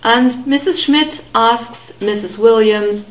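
A woman teaches pronunciation at a very slow, unhurried pace, her voice a little on the high side. She enunciates each word carefully and repeats it for the listener. The sound is roomy, with a noticeable echo around her. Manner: careful, deliberate enunciation with repeated model words. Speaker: language teacher.

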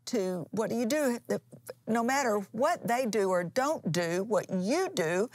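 A woman's voice: on the high side, animated, measured pace, no room sound, studio quality. A woman pastor and co-host giving a conversational Bible teaching in an earnest, plain-spoken way, restarting phrases as she explains.

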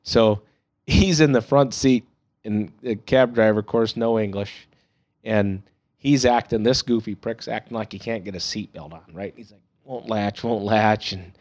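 A man, a podcast guest telling profane, animated stories with frequent laughter. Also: on the low side, normal speed. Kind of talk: casual storytelling.

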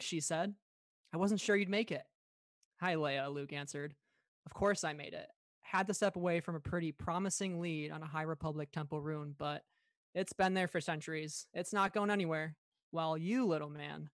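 A man podcast host reading a story aloud in a calm, steady read-along style, lightly voicing the dialogue. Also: fairly high pitch, vocal fry, no echo.

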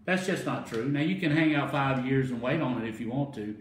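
A pastor preaches in an echoing room, his voice sitting at an ordinary pitch for a man. He drops low and quiet while retelling a story, then builds into loud, joyful preaching, urging his listeners to say phrases back to him. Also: brisk, far from the mic. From United States. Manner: calls the listeners to repeat phrases after him. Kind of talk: sermon.

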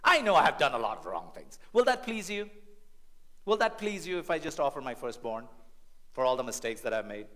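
A man's voice: medium pitch, very animated, fairly quick, a bit bright. A man preaching, acting out a sarcastic, snotty male defense lawyer who pleads with exaggerated offers. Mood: sarcastic pleading.

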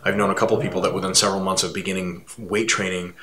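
A man co-hosting a casual fitness talk, speaking emphatically and building his voice up high when he makes a point. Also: racing. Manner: animated, emphatic, swings to rising pitch when making a point. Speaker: fitness coach and co-host. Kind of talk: casual conversation. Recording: roomy echo.

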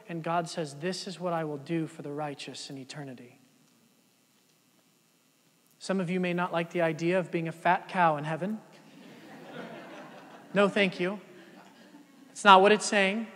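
A man preaching a sermon as pastor, swinging from loud emphatic peaks down to soft, low passages. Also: unhurried, long pauses, long reverb tail. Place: church sanctuary.

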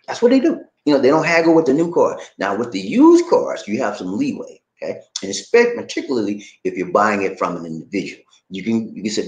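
A middle-aged man hosting a casual livestream, with a lively, swinging pitch and plenty of laughter. His folksy slang comes through the roomy echo of the space. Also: fast talker, few pauses. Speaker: vlog host reading live chat.

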